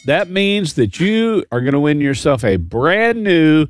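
Folksy guy on a radio show, kinda high voice, dry close mic. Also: very animated, a little slow, dry recording, soft background music. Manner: folksy storyteller. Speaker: radio co-host. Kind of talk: casual radio chat, joke telling.

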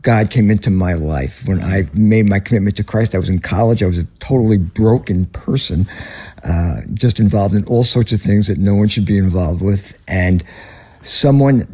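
A man's voice: on the low side, moderate pace, mellow, slightly rough. A man in his seventies with a Northern US accent, a ministry leader telling stories earnestly as a guest in an interview. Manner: earnest, storytelling. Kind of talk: conversational interview.

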